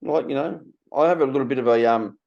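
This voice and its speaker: An Australian man in his sixties hosting a casual conversation, blunt and animated, swearing freely. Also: mid-range voice, fast, creaky. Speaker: podcast host. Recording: slightly muffled recording.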